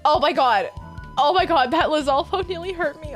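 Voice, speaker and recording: A young woman streaming a game while eating hot sauces, excitable, often squealing and laughing. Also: high voice, fairly quick, faint music behind. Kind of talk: gaming hot sauce challenge.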